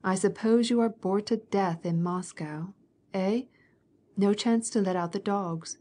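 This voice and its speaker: A woman's voice: medium pitch, a little slow, close to an everyday voice. A woman reading the part of a stern, outspoken fifty-year-old woman in an audiobook, blunt and scolding. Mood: brusque. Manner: scolding, outspoken, mock-gentle teasing.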